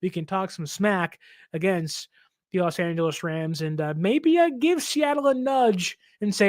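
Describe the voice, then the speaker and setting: A sports podcast host giving a casual game preview, excitable and often restarting words mid-sentence. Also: mid-range voice, measured pace, dry recording, studio quality. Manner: excitable, with frequent stammered restarts.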